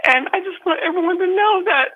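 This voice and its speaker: A woman calling in to a live show, telling a heartfelt story through tears and rambling restarts over a phone line. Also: extremely high pitch. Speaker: call-in guest. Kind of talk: emotional call-in chat. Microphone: telephone.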